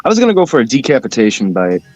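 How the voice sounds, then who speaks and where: A man at the table of a tabletop game, casually chatting through his turn. He jokes and swears easily, his voice sitting at a middle pitch. Faint music plays behind him. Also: wildly swooping pitch, racing, dull audio. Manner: loose, joking, swears casually. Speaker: player. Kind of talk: casual game-night chat.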